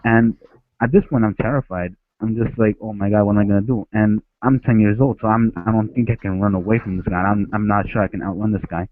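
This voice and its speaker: This caller, an Ecuadorian man on a headset, tells a rambling childhood story full of restarts for a phone-in segment. His voice sits on the low side with fairly even intonation and a fairly quick pace, over a dry, tinny, phone-like line.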